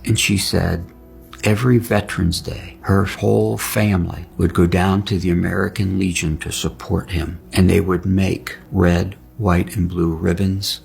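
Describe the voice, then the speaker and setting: Older male veteran, deep fry-heavy voice, earnest storyteller, soft music underneath. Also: level tone, a little slow. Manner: earnest, retells dialogue in detail. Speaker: near-death experience witness; military veteran. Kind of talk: personal storytelling.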